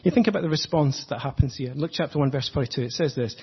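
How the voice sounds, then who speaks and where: A man preaching an earnest, reflective sermon, slowing down to stress his points. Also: mid-range voice, slightly rough, dull audio. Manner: earnest, reflective, slows for emphasis.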